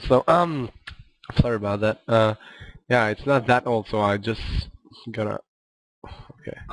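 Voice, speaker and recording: A man's voice: lowish voice, poor audio. A man giving casual, self-mocking commentary while playing a video game, rambling and chuckling as he goes. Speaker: let's play commentator.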